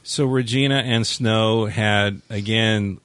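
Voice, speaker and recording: A man's voice: on the low side, fairly even intonation, slow pace, fairly bright tone, clear, resonant tone, dry recording. Man co-hosting a TV recap chat. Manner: steers the topic, backchannels a lot. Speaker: podcast co-host.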